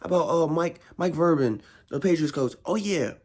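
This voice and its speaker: A young man, a frustrated football fan, ranting in casual slang, repeating himself and swinging his voice high in exasperation. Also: moderate pace, a little mellow. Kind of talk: casual rant.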